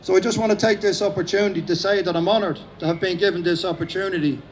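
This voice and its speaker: A middle-aged Irish man giving a rousing, fast-paced speech at an outdoor rally. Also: high voice, steady tone, a little hiss or hum. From Ireland. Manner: fast-talking, repetitive, rousing. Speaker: speaker at a rally.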